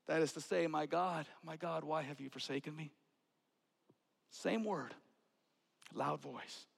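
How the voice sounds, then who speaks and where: A man preaching a sermon, swinging from hushed whispers to loud outbursts. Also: fairly high pitch, a little slow, gravelly, breathy edge. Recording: long hall reverb.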